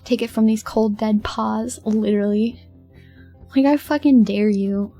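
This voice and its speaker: A woman's voice: on the high side, measured pace, warm tone, soft background music. A young woman streaming and chatting casually, rambling, laughing often and swearing with dramatic outbursts. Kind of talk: casual livestream chat.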